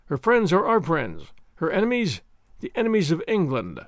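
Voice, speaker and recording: A man's voice: fairly high pitch, wildly swooping pitch, normal speed, dry recording, studio quality. A man voicing a regal male prince with a courtly, drawling manner. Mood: gracious. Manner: courtly, drawling, alternately cold and gracious.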